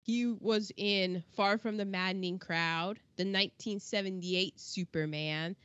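Host, woman, slow and even delivery, dry dull lo-fi sound. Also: medium pitch, no echo. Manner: reads credit lists in a steady, unhurried way. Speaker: podcast host. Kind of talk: casual movie chat and reading credits.

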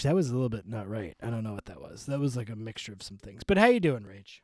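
A man's voice: fairly low pitch, very animated, fast talker, hardly any pauses, no echo, clean studio sound. Playful man hosting a podcast. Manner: playful, jokey, drifts into bits. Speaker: podcast co-host. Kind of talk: casual chat.

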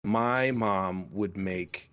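A young man hosts a casual podcast chat in a fairly low voice. He rambles, trips over his words and swears without a second thought. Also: drawn-out words, a bit bright. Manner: rambling, swears freely, many restarts. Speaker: podcast host.

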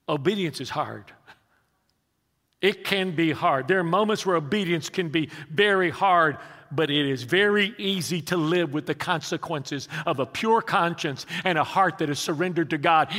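A man's voice: sits high, bright, forceful tone. A man in his sixties, a pastor preaching an emphatic sermon and rallying his congregation with questions. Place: large church sanctuary. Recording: long reverb of a large hall.

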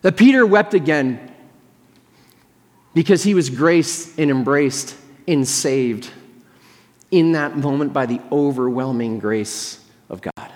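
In a large hall with long reverb, a pastor whose voice is a little high preaches slowly, pausing often. He tells his story earnestly, imagining what people thought and said.

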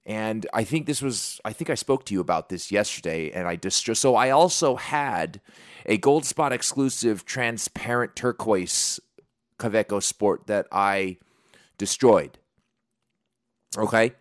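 A man with a very low voice hosts a podcast, rambling through sponsor reads and chat with a jokey, self-mocking streak. His voice sounds dry and close, with no room around it. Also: measured pace, no echo. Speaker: podcast host.

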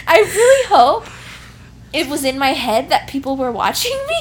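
A woman's voice: high voice, very animated, moderate pace, background noise. A pregnant young woman telling an embarrassing story in casual chat, laughing often and swearing freely.

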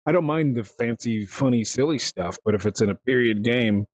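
Animated, rambling man hosting a podcast. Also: medium pitch, moderate pace, no room sound, low-quality recording. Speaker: podcast host. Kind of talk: casual gaming chat.

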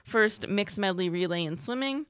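A woman's voice: mid-range voice, animated, normal speed, clear, resonant tone, no room sound. A young woman hosting a casual chat, reading out news items in a light, chatty way.

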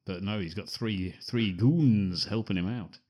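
A man co-hosting a casual film podcast, laughing often and acting out film lines in loud bursts. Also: lowish voice, a little slow, lo-fi sound. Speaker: podcast co-host.

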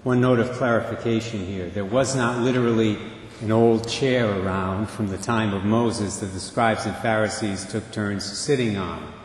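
Older male priest preaching a homily, measured and wry, booming reverb of a big church, faint room noise behind. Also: fairly even intonation. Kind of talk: sermon. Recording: echoey church with long reverb.

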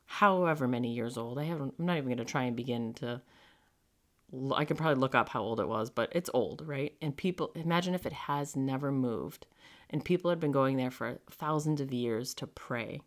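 A podcast host tells a personal story in a loose, conversational way, scattering "like" through every sentence. The telling is frank and animated, with some swearing, and the voice sits at a middling pitch. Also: a little fast. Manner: chatty, heavy use of "like" fillers.

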